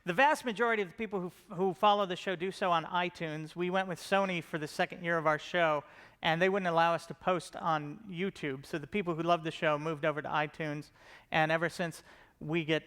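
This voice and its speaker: A middle-aged man gives a casual, joking conference talk about his comedy show, poking fun at himself and using plenty of fillers and restarts. His voice is a little high and fairly bright, with fairly even intonation and a fairly quick pace.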